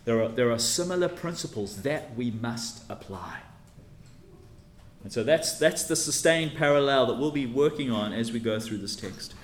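A man gives a teaching sermon in an echoey room, with a faint hum of ambience behind him. His voice sits at an ordinary middle pitch. He lays out his points carefully and leans hard on each key word. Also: lively intonation, moderate pace. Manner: teacherly, emphatic, stresses key words. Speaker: preacher. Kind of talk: expository sermon.

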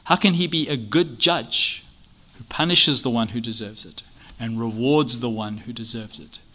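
A man's voice: mid-range voice, normal speed, sharp tone. A man giving an expository Bible lesson on a church confession. He reads passages aloud and presses his points with earnest rhetorical questions. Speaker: Bible teacher.

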